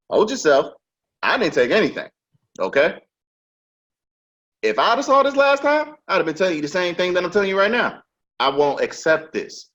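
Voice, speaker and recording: A man's voice: mid-range voice, a bit bright. A man hosting a podcast, telling a work story in casual, emphatic and profane chat. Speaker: podcast host. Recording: dull lo-fi sound.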